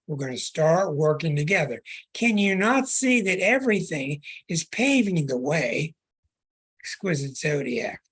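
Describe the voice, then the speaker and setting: Male astrology host, slow and husky, earnest preacher's delivery with stretched words. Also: on the high side, fairly bright tone. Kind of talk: podcast monologue.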